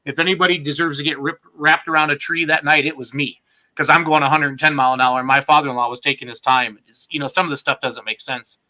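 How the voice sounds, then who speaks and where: A man's voice: fairly high pitch, fairly even intonation, quick pace, bright, forceful tone. A man hosting a casual podcast, joking and self-deprecating in easy banter.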